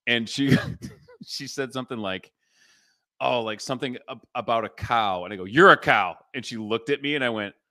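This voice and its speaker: A man's voice: mid-range voice, normal speed, a bit bright, no echo, studio quality. A married man in casual podcast chat, chuckling as he tells stories and quotes film lines.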